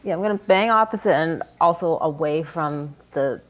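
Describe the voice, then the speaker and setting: A woman playing a tabletop game, talking in a relaxed, casual way. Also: sits low, moderate pace, roomy sound. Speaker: player.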